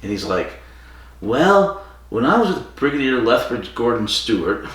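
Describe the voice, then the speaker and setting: Animated and fairly quick, this man's mid-range voice has a fairly bright tone. Co-hosting a podcast in casual chat, he retells a story with fillers and quoted lines, captured from far away in an echoey room.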